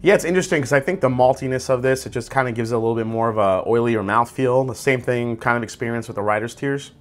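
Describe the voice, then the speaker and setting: A man hosting a casual whiskey tasting review, describing tasting notes aloud in a relaxed, conversational way. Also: mid-range voice, fast. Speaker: whiskey reviewer, channel host.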